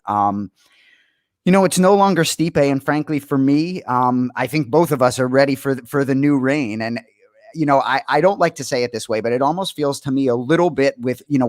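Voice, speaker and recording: A man's voice: medium pitch, no echo. A man in his forties from the Boston area, co-hosting a podcast in casual chat, rambling with many fillers. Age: 40s. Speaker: podcast co-host.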